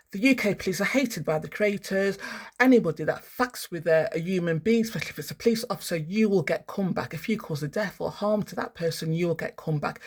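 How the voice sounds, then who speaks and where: Husky ranting woman. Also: lowish voice, darkish tone. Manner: ranting, heavy swearing. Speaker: spiritual vlogger. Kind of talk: angry rambling monologue. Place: outdoors.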